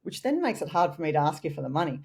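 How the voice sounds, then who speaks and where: Australian woman, podcast guest, low-pitched warm voice, animated storyteller. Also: rapid-fire, gravelly, husky. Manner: lively storyteller who acts out customer and collector lines. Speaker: guest, debt collection trainer. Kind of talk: podcast interview.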